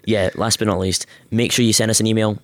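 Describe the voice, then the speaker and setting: A man from Scotland co-hosting a podcast in easygoing, slightly halting casual chat. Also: on the low side, steady tone, dry recording. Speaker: podcast co-host.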